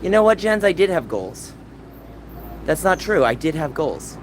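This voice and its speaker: A man's voice: fairly high pitch, sing-song, normal speed. A man hosting a casual livestream from outdoors, chatting back to viewers and rambling between stories. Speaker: livestream host. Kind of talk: casual chat with live chat. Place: outdoors on a city street. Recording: noisy outdoor street recording.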